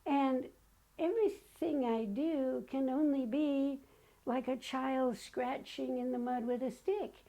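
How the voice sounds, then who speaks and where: A woman's voice: high-pitched, steady tone, slow, dark tone, rough recording. An older woman telling personal stories in a chatty way, often acting out what people said. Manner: chatty, acts out remembered dialogue. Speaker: guest. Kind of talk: personal storytelling.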